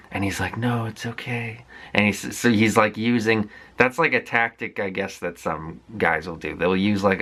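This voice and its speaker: With a low, pushed, bright voice, this man rambles through a recap of a film he saw. He's a movie vlogger, and his talk is candid and conversational, full of fillers and false starts.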